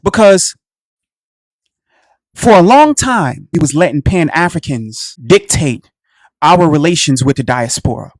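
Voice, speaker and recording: A man's voice: a little high, animated, measured pace, long pauses, no echo, studio quality. A man with a Black American accent hosting a radio talk show, delivering a preachy, impassioned monologue and calling his listeners "family.". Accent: Black American English. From United States.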